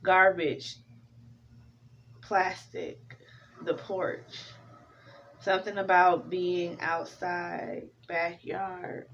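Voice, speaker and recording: A woman's voice: on the low side, very slow. Woman w/ doing a tarot reading, cussing and rambling, kinda far from the mic, muffled with light hiss. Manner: profane, rambling, animated storytelling. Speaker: tarot reader.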